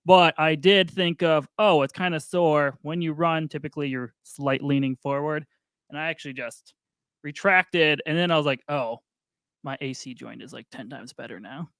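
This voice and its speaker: A male podcast host explaining posture in a relaxed, casual way. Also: a little high, moderate pace, smooth, dry recording. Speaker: podcast host, physical therapist. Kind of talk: conversational podcast interview.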